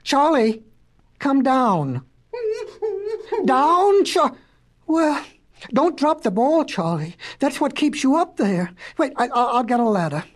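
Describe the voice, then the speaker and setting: A woman voicing an excitable, absent-minded male professor inventor in a storybook reading, stammering and exclaiming. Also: a little high, unhurried. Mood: excited.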